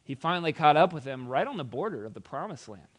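A man's voice: a little high, big pitch swings, fast talker. A man preaching, retelling a scripture story in a dramatic, conversational way with wry asides. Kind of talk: sermon storytelling.

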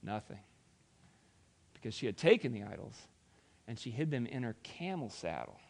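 A man's voice: medium pitch, sing-song, normal speed, creaky, darkish tone. A man preaching, retelling a scripture story in a dramatic, conversational way with wry asides. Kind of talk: sermon storytelling.

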